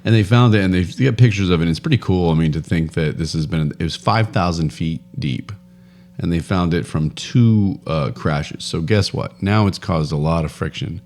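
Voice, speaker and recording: A man's voice: low-pitched, moderate pace, darkish tone, a little hiss or hum. A man co-hosting a podcast, rambling through news stories in casual banter and laughing often. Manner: rambling, laughs often, trails off mid-sentence. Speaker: podcast co-host.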